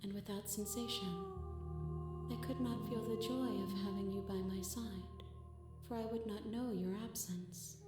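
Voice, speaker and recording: A woman's voice: mid-range voice, steady tone, close to an everyday voice. A woman voicing a solemn cosmic goddess princess. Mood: serene. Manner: slow, solemn, poetic. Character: shifting cosmic goddess princess, calm and introspective. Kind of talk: game dialogue. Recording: echoey game audio with loud music. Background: game music.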